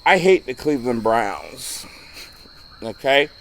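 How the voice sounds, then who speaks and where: A man's voice: medium pitch, sing-song, takes it slowly, vocal fry, fairly bright tone. A man co-hosting a casual local football show, ranting bluntly and driving his points home with "okay?". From Ohio, USA. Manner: blunt, emphatic, repeats "okay?" for emphasis. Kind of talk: casual rant.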